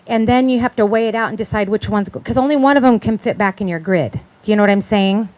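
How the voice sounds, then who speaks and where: A woman's voice: mid-range voice, fast talker, a little mellow, dry recording. Middle-aged woman, conference speaker, conversational sermon, chatty, keeps checking in with the crowd.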